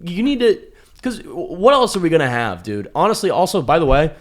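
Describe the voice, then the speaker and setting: A young American man co-hosting a comedy podcast, talking loudly and swearing, with mock grand proclamations. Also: a little high, big pitch swings, fairly quick. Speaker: podcast co-host. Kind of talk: casual chat.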